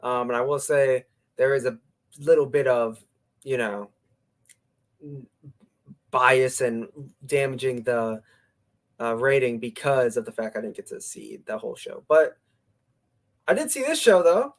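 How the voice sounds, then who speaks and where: A young man co-hosting a casual podcast chat, excitable and jumping his voice up when he acts out moments. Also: measured pace, long pauses. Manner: excitable, jumps pitch to act out moments. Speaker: co-host.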